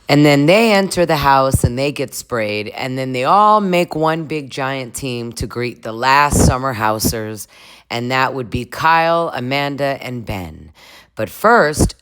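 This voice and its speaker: This woman's bass voice has lively intonation and a slow pace as she casually recaps reality TV for her vlog. Her humor runs crude, she laughs frequently, and she does impressions of the cast members.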